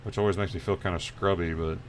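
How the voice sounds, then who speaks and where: While drawing on a casual livestream, a male host chats and tells long, rambling stories, swearing freely. His voice is low and steady and he talks fast, with a slight hiss or hum on the recording.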